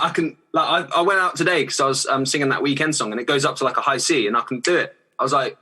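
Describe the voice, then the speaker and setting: Chatty young man, bright husky voice. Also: medium pitch, fast talker, hardly any pauses. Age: young adult. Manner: chatty, rambling, laughs often, many restarts and fillers. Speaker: guest singer-songwriter. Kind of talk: casual podcast chat.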